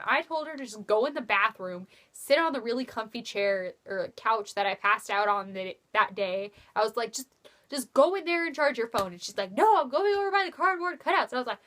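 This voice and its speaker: A young woman telling a rambling story in a casual vlog, swearing freely and acting out quotes with sudden jumps in pitch. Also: sharp tone. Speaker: vlogger.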